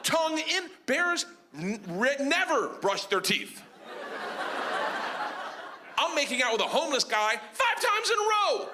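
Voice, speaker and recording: A man doing stand-up, telling a wild story in a loud, animated way, jumping into shouts on the punchlines, recorded live on a club stage. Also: very high voice, unhurried, long pauses. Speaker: stand-up comedian. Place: comedy club stage before a laughing audience. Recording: live club recording with audible audience noise.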